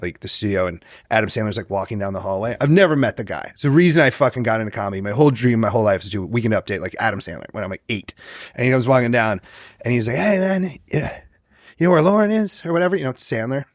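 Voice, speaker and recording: A man in his late thirties, a guest comedian telling stories in casual podcast chat, swearing freely and acting out quotes loudly. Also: on the low side, fast talker, no echo, studio quality. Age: 30s.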